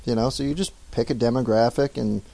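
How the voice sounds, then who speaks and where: A man with a Down East Maine accent, relaxed and chuckling as he tells stories in casual talk. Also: mid-range voice, fast, gravelly, no echo. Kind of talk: casual profane banter.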